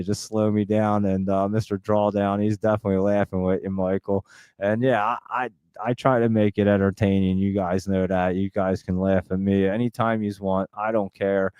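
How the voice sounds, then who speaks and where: A man hosting a live stock-market stream, talking very fast in a chatty, rambling way and laughing often. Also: fairly low pitch, darkish tone, smooth, dry recording. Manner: talks extremely fast and nonstop. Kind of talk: casual live-stream chat.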